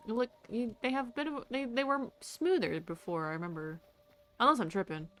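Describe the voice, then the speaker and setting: A woman's voice: fairly high pitch, a little fast, fairly bright tone. A young woman streaming a game, chatting casually to herself and to the creatures she meets. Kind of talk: casual gameplay commentary.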